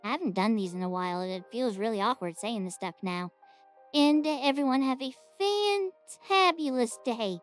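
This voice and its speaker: A chatty woman rambles casually through the end of a reaction video, her voice set fairly high. She giggles easily as she talks, and soft music plays faintly behind her. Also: normal speed.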